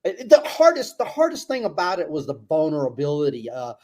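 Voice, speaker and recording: A middle-aged American man, an army veteran, answering interview questions in a halting way with many restarts and self-deprecating laughs. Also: a little high, huge pitch swings, darkish tone. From United States. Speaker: guest, army veteran and author. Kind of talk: casual interview chat.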